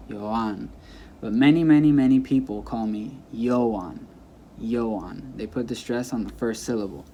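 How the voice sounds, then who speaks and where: A man's voice: fairly low pitch, dark tone, slight background noise. A young man teaching a casual lesson, repeating example words with shifted stress and correcting himself as he goes, recorded on a camera mic without a clip mic. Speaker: Spanish teacher.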